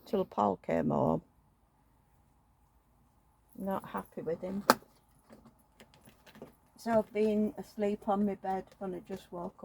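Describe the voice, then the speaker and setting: A woman's voice: fairly low pitch, gravelly, darkish tone. A woman chatting at home in a rambling, grumbling vlog about a doll's outfit and her day. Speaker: doll collector vlogger. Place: at home indoors.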